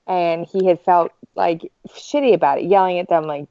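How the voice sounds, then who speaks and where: A woman's voice: fairly low pitch, moderate pace, mellow, no echo. Woman podcast co-host, rambling and candid, muffled dry recording. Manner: candid, rambling, swearing casually. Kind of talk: casual chat among friends.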